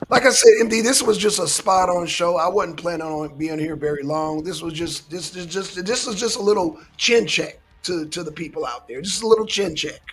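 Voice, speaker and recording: A man's voice: high voice, moderate pace, hardly any pauses, soft background music. A man hosting a casual political commentary show, lecturing his listeners emphatically and swearing often.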